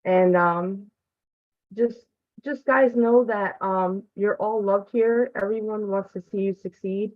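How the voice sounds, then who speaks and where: A woman's voice: medium pitch, fairly even intonation, takes it slowly, dry recording. A woman member sharing a heartfelt testimonial on a group call, earnest and close to tears. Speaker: student member of the community. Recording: dry, tinny phone-like line.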